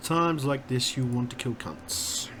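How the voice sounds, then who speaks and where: A man's voice: mid-range voice, a little slow. A man streaming live and ranting, cursing nonstop and muttering in exasperation. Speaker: gaming streamer. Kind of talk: casual live-stream rant. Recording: noisy room ambience.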